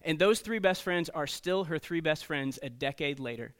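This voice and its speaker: A man preaching to teenagers as a youth pastor, telling stories in an animated way and checking in often with "okay?" and "right?". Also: a little high, moderate pace. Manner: storytelling, animated, frequent "okay?" and "right?" asides. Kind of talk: sermon to teenagers.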